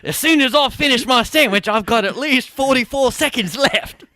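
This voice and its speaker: A man's voice: very high-pitched, normal speed, pushed and bright, no echo, studio quality. A man co-hosting a podcast, joking crudely and laughing often in casual banter. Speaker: podcast co-host.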